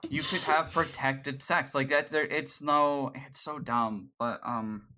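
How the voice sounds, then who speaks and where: Co-host, bright tense tone, mid pitch, rambling casual retelling. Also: steady tone, slow pace, slight background noise. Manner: loose, rambling retelling with restarts. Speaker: podcast co-host. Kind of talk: casual pop-culture chat.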